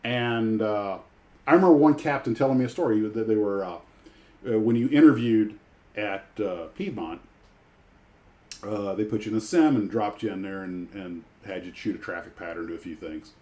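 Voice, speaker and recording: A man's voice: on the low side, normal speed, darkish tone. A man, a retired pilot hosting a livestream, telling rambling stories full of restarts. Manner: rambling storyteller with many restarts. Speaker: livestream host. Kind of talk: casual chat.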